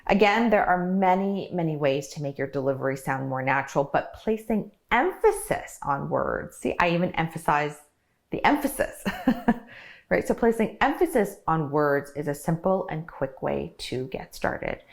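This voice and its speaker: A middle-aged woman with a low, expressive voice works as a public speaking coach. She gives a tutorial to camera, delivering it clearly and deliberately while stressing key words.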